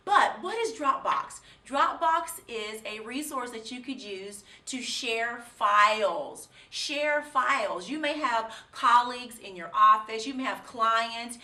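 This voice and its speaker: Excited woman giving biz tips, kinda high and bright, echoey room, mic a bit far. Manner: enthusiastic, repeats key words. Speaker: business strategist, segment presenter. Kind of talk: scripted tip segment.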